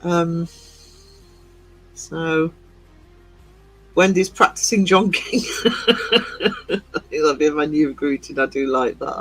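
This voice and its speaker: A man's voice: a little high, drawn-out words, pauses often, a bit bright, low-quality recording. A man hosting a livestream, giggling as he reads out chat messages. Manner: giggly, reading chat aloud. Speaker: livestream host. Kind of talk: casual live-stream chat. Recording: faint music behind.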